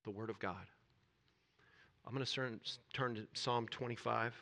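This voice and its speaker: A man's voice: mid-range voice, fairly even intonation, moderate pace, bright, forceful tone. A man preaching a sermon as pastor, building intensity and repeating phrases.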